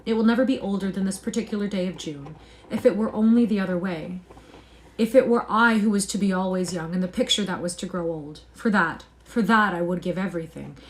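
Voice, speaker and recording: A woman's voice: medium pitch, a little fast, slight background noise, close to an everyday voice. A woman reading aloud, voicing a vain young man who pleads in anguish with impassioned, rising cries.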